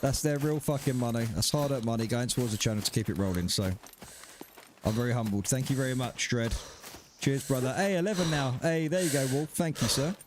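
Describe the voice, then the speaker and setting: A man's voice: mid-range voice, brisk, background noise. A man live-streaming a survival game, chatting casually with viewers, thanking them by name and swearing freely. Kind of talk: casual live-stream chat while playing.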